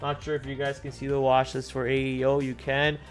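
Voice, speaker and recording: A man's voice: mid-range voice, completely flat delivery, a little fast, faint music behind. A man hosting a stock-trading livestream, talking casually and thinking aloud, with many fillers and restarts. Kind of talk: casual market commentary.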